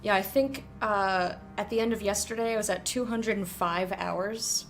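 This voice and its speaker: A young woman streaming a game, chatting casually and excitably, often giggling. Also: mid-range voice, moderate pace, faint music behind. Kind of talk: casual gameplay commentary.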